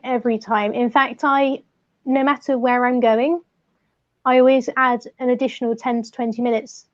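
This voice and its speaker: A woman's voice: on the high side, darkish tone, lo-fi sound. A woman in casual chat about life with her service dog, light-hearted and often laughing as she retells exasperating encounters. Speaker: co-host, service dog user.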